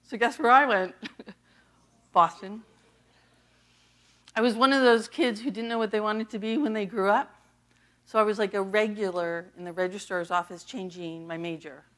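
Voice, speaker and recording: A middle-aged woman pastor from the US East Coast giving a personal testimony sermon, animated and laughing often as she tells the story. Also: mid-range voice, normal speed, pauses often. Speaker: associate pastor.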